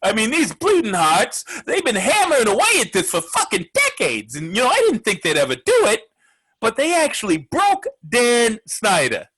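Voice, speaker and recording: A man's voice: high-pitched, wildly swooping pitch, normal speed, fairly bright tone, breathy edge, low-quality recording. A man hosting a comedic sports radio talk show, brash and profane, rambling with lots of filler words.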